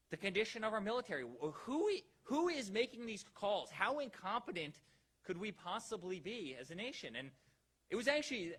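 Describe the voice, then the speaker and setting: A man's voice: high voice, a bit bright, slightly rough. A man giving a rousing campaign rally speech, firing off repeated rhetorical questions at the crowd. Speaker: political rally speaker.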